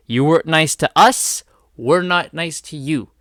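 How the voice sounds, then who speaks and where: A man's voice: mid-range voice, steady tone, a little slow, fairly bright tone, smooth, no echo, clean studio sound. A man giving a heated video rant, stressing his points by repeating words. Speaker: video commentator. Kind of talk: ranting video commentary.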